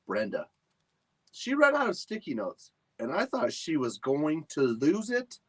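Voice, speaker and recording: A man's voice: fairly high pitch, wildly swooping pitch, a little slow, a bit bright, breathy edge, pitched above the performer's own voice, full character voice. A man voicing a cheerful mother who gushes about office supplies in a raised, sing-song voice. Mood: gossipy.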